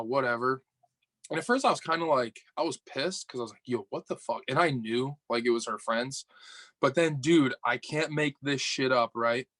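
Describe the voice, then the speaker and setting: This podcast guest, a young man from upstate New York, recounts a dating story while chatting casually. Swearing and lively, he performs the lines of dialogue himself; his voice is mid-range and the recording is dry.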